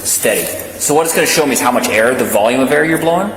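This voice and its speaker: A male police officer calmly walking someone through a breath test in a station room, patient and reassuring. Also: medium pitch, fast, crowd noise. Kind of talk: calm instructions during a breath test. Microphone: body camera. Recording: echoey room with loud ambient noise.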